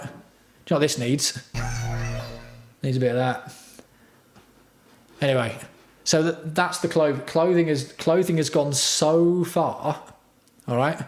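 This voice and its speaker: Male streamer, mid-pitched, sarcastic sweary rant, echoey room. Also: darkish tone. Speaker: livestream host. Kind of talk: casual livestream rant.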